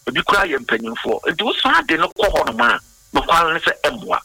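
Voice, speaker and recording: A man's voice: on the high side, big pitch swings, quick pace, bright, forceful tone, husky, no room sound, rough recording. A man who works as a researcher, talking earnestly in a radio discussion and mixing Twi with English.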